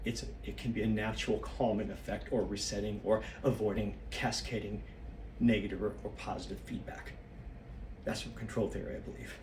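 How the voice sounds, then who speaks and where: A man's voice: fairly low pitch, level tone, fairly quick, roomy sound, distant mic, noisy background. A man in his fifties, slightly out of breath, rambling and losing his train of thought as he thinks aloud while shaking his body. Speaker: solo practice vlogger.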